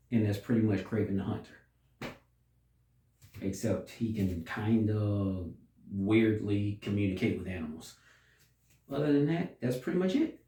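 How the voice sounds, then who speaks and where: A man giving a casual, unhurried movie review, pausing and restarting often as he thinks. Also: medium pitch, mellow. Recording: roomy echo, distant from mic.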